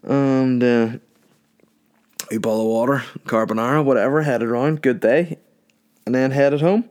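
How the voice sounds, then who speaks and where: A man's voice: mid-range voice, normal speed, a little mellow. A man in his thirties from Northern Ireland, hosting his own podcast and telling jokey, sweary stories in a casual monologue, acting out both sides of each conversation. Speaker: podcast host, comedian.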